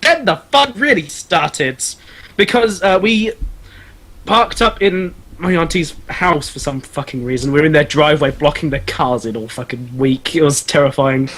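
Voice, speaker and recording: A man's voice: a little high, moderate pace, fairly bright tone. A man from England hosting a podcast on a video call, telling a travel story in casual chat, swearing freely and laughing often. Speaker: podcast host.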